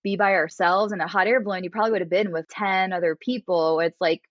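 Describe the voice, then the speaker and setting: A woman's voice: fairly low pitch, steady tone, fast talker, no room sound, dull audio. A woman guest casually telling a story, acting out quotes and laughing often. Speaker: podcast guest.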